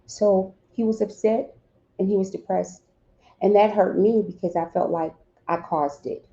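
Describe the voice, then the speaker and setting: Woman talking straight to grieving couples, heartfelt, mellow voice, kinda dull lo-fi sound. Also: medium pitch, steady tone, unhurried. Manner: direct, heartfelt, acts out little dialogues. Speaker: grief counselor speaking to bereaved parents. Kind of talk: earnest advice talk.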